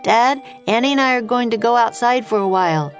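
A woman's voice: on the low side, normal speed, creaky, soft background music. A woman voicing an earnest, careful young boy in an audiobook, speaking with urgency. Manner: eager, urgent. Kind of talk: audiobook character voice.

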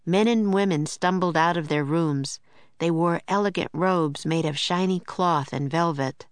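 Woman reading a kids story, calm measured, kinda low voice, dry. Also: clear, resonant tone, no room sound. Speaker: narrator. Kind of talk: audiobook narration.

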